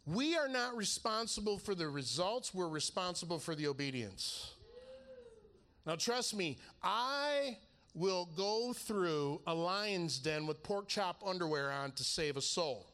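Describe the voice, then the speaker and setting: A man with a fairly high voice tells stories in a loose, laughing sermon style. He acts out both sides of each conversation he describes. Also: measured pace. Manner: animated, laughing storyteller acting out conversations. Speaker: preacher. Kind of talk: storytelling sermon.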